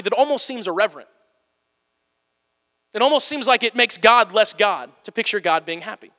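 Male preacher, very high and bright voice, animated, casual delivery, long hall reverb. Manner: animated, plain-spoken, playfully acts out quotes. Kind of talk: conversational sermon.

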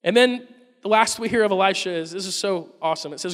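High-voiced preacher in a reverberant hall. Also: male voice, fast. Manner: animated storytelling, acts out quotes with a laugh. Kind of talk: sermon.

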